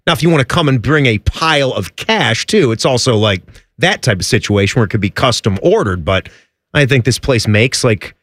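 A man's voice: medium pitch, lively intonation, normal speed, a bit bright, dry recording, clean studio sound. A man co-hosting a radio show, teasing and joking in casual banter. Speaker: radio co-host.

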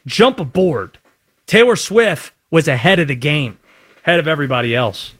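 A man hosting a sports talk radio show, talking in a wry, animated way. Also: a little high, fairly quick.

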